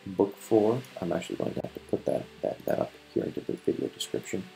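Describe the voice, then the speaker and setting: Deep-voiced guy reading old epic verse, then chatting loosely, soft music under it. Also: gravelly, rough recording. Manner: measured, stumbles and restarts in chat. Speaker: host reading an epic poem aloud. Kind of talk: poetry reading and casual chat.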